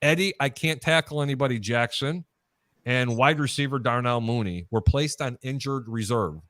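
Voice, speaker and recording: A male host chats through football lines and tells stories in an easy, talkative way. His voice sits at a middle pitch and sounds close and dry, with no room around it. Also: moderate pace, a bit bright, no room sound. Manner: chatty storyteller, mimics announcers. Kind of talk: sports betting talk show.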